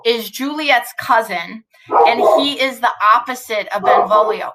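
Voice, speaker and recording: A woman's voice: on the high side, a little slow, noisy background. A woman teaching a play at home, reading lines aloud and then explaining them in a casual, chatty way.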